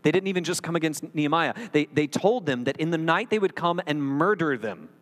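Middle-aged male pastor, lively and joking sermon delivery, reverberant hall, faint mains hum. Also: fairly high pitch, a little fast. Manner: animated, jokey, mocking asides. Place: church hall.

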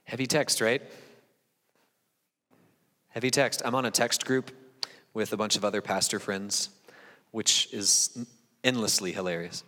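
A man's voice: on the low side, moderate pace, bright, forceful tone. Man preaching in a reverberant sanctuary. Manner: conversational and self-deprecating, with frequent asides and "right?". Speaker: pastor. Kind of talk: sermon with scripture reading. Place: church sanctuary. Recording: long reverb of a large hall.

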